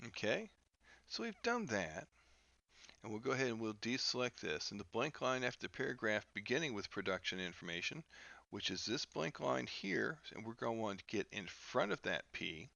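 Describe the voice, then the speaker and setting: A man teaching a software lesson over a screen recording, talking haltingly with many fillers and restarts. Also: mid-range voice, sing-song, creaky, no room sound, highs cut off. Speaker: instructor.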